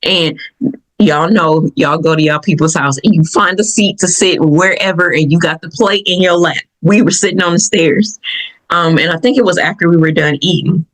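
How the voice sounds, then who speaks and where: A woman from Michigan with a Southern accent, hosting a podcast and telling personal stories in an animated way, laughing often. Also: on the low side, normal speed, rough recording. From Michigan, USA. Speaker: podcast host. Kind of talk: personal reflective talk.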